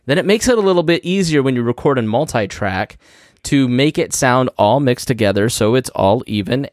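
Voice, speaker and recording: A male podcast host explains recording gear in a relaxed, chatty way, walking through each step and adding quick asides. His voice sits at an ordinary mid pitch. It is captured close on a studio microphone through a mixer, dry with no trace of room echo. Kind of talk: casual instructional talk.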